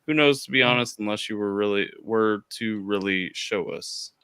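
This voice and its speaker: A man hosts a casual live stream, his voice bright and forward. The sound is dry and close, with no room around it. He tells stories with lots of animation and plenty of swearing. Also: lowish voice, normal speed, clean tone, dry recording. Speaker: streamer host.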